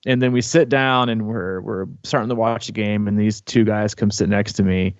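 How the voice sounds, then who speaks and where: A man co-hosting a podcast, telling a long story in casual chat, rambling and animated, full of fillers and restarts. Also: fairly low pitch, normal speed, no room sound, muffled recording. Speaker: podcast co-host.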